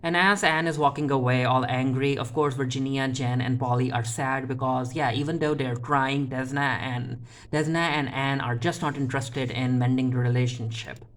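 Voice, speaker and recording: A chatty vlogger giving a casual TV episode recap at a middling pitch. The talk is full of fillers and small restarts. Scenes are retold through quick, paraphrased lines from the characters. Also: steady tone. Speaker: TV episode reviewer.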